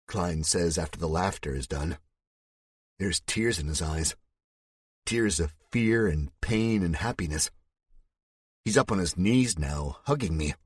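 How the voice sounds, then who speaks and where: A man's voice: deep voice, measured pace, pauses often, breathy edge, no echo, clean studio sound. A man narrating a first-person thriller audiobook with a gritty, tense delivery.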